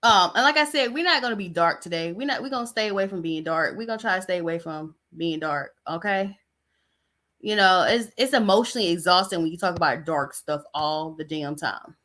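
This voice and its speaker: A woman's voice: lowish voice, animated, brisk, a bit bright. A woman hosting a podcast, giving casual commentary in a blunt, exasperated, chatty way. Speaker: podcast host.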